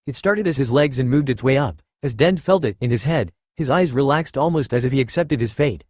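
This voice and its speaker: Brief: male storyteller, steady read, dry close sound. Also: medium pitch, a little fast, no echo. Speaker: narrator. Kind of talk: reading fan fiction aloud.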